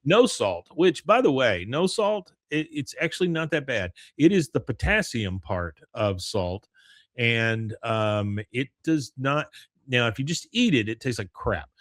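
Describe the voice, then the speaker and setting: A man hosting a podcast, chatting casually about a cartoon episode and reading its lines aloud in quick put-on voices. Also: mid-range voice, very animated, fairly bright tone, no room sound, studio quality. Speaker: podcast host. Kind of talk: casual chat recapping an episode.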